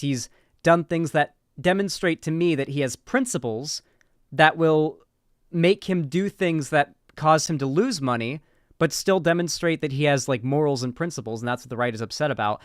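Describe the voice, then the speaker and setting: A man's voice: a little high, clean tone, no room sound, clean studio sound. A man doing casual commentary, sarcastic and rambling, with frequent swearing. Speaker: political commentary streamer.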